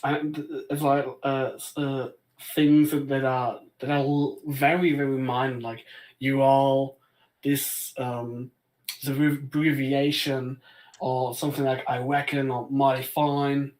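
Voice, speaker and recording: A man's voice: mid-range voice, level tone, takes it slowly, a little mellow, rough recording. A man playing in a tabletop game, chatting casually, hesitant, with stammered restarts and easy laughs. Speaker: player. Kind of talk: casual chat.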